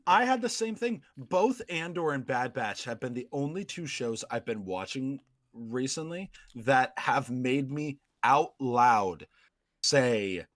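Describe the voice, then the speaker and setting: A man hosting a casual podcast chat, excitable and quick to laugh. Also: medium pitch, no echo. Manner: excitable, laughs often, shouts quoted lines. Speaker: podcast host.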